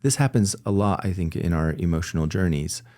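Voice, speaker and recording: A man's voice: low-pitched, expressive, a little fast, mellow. A man being interviewed, talking candidly and reflectively, often restarting his sentences with little laughs. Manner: earnest, reflective, with frequent self-corrections and little laughs. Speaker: guest.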